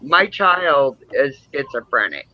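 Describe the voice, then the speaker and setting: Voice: mid-range voice, big pitch swings, slow, dry recording, muffled recording. A man in casual chat, speaking in a soothing way and calling the other person honey. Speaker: chat participant.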